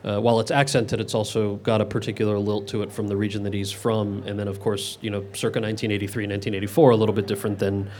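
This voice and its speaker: Fast-talking man fielding audience questions. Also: lowish voice, little pitch movement, darkish tone, a little hiss or hum. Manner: rambling, self-correcting, many restarts. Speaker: actor answering audience questions. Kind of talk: Q&A event.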